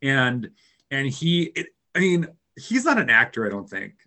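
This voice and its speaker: Minnesotan man, casual podcast co-host, rambling, lots of fillers, mid-pitched voice. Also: big pitch swings, normal speed, sharp tone. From Minnesota, rural area. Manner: rambling, many fillers and restarts. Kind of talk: casual film discussion.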